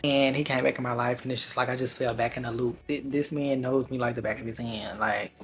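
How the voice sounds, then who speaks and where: A man vlogger telling a personal story in a candid, slangy, animated way. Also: medium pitch, brisk, slight background noise. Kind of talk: casual storytime vlog.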